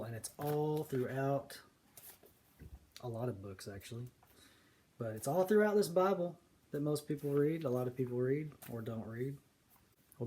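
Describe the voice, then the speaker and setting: A man giving casual, earnest commentary on scripture, stressing key words slowly. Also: mid-range voice, warm tone, slightly rough. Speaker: video preacher.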